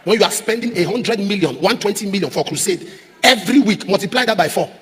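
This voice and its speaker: A man preaching a sermon as pastor, repeating refrains and rising to shouts. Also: high-pitched, quick pace, slightly rough. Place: large church auditorium. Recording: echoey church hall.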